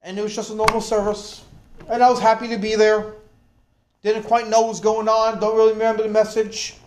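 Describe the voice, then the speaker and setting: A man preaching a sermon, telling his own story in an animated way and acting out the voices he quotes. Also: high voice, brisk, roomy sound, noisy background. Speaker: preacher giving testimony. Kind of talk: sermon testimony.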